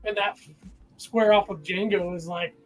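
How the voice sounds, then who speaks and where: A man's voice: sits high, fairly even intonation, measured pace, over music, rough recording. A young man chatting enthusiastically as a guest on a casual video-call livestream, rambling with lots of fillers.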